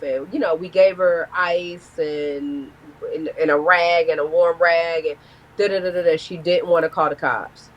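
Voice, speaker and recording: A woman's voice: lowish voice, a little slow, dull audio. A woman, a guest telling a blunt, profane story in a casual live-stream interview. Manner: candid, profane, animated storytelling.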